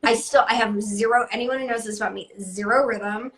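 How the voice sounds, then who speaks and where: Chatty woman voice actor, slightly high. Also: fairly even intonation, brisk, fairly bright tone. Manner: chatty, rambling, full of "like", self-deprecating. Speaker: guest voice actor. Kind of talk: casual interview chat.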